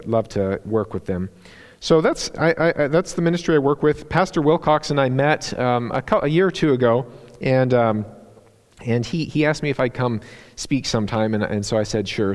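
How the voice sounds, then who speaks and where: A man giving a sermon as a guest preacher in a church, telling stories with many fillers and restarts. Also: medium pitch. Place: church sanctuary. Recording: long church hall reverb.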